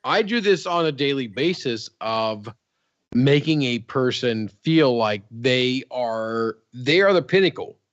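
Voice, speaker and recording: A man's voice: mid-range voice, lively intonation, unhurried, dry recording, muffled recording. A man hosting a podcast in casual banter, rambling with lots of fillers and laughs. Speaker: podcast host.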